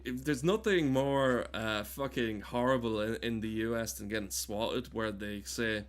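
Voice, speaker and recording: A man's voice: fairly low pitch, moderate pace, hardly any pauses, a little hiss or hum. A man streaming a game, talking casually with his chat in a rambling, joking way, swearing often and breaking off his own sentences. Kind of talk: casual gaming stream commentary.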